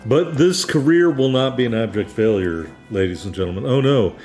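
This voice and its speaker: A man's voice: mid-range voice, expressive, moderate pace, darkish tone, faint music behind. A man hosting a racing game playthrough in casual commentary, rambling with frequent ums and self-deprecating asides. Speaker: let's play host.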